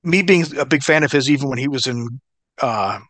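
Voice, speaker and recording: A man's voice: medium pitch, a little fast, no echo. A middle-aged man and former pro wrestler telling stories in a casual interview, swearing freely and laughing as he goes. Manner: profane, animated, laughs through stories.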